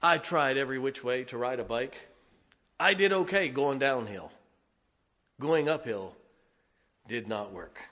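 A man preaching, telling a folksy, animated, self-mocking story from the pulpit. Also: medium pitch, a little slow, long pauses. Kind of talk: storytelling sermon. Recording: long reverb of a large hall.

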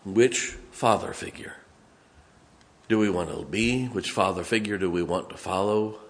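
A man preaching a sermon in a church, emphatic, swinging from loud to hushed. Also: low voice, a little slow.

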